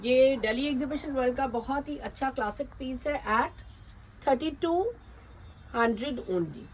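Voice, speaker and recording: A woman with an Indian accent presenting boutique outfits in a brisk, emphatic sales pitch. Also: lively intonation, a little hiss or hum, rough recording. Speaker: boutique seller.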